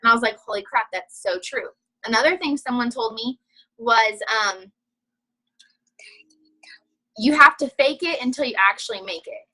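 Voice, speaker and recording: A woman's voice: high-pitched, lively intonation, moderate pace, pauses often, low-quality recording. A young woman giving a casual, upbeat training talk over a video call, chatty and full of "you know". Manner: breaks off to quiet her child. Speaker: guest trainer.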